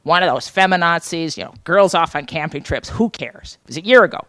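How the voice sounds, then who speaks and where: A woman voicing a gruff, scornful old male ex-Marine cop reporter who talks bluntly. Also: lowish voice, expressive, a little fast, fairly bright tone, dry recording. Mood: dismissive. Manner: blunt, swearing, dismissive.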